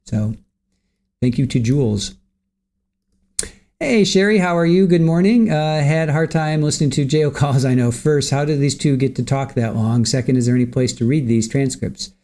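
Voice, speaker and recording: Chatty livestream host man, mellow voice. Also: mid-range voice, moderate pace. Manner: greets viewers by name, chatty and relaxed. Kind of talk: casual chat with live chat viewers.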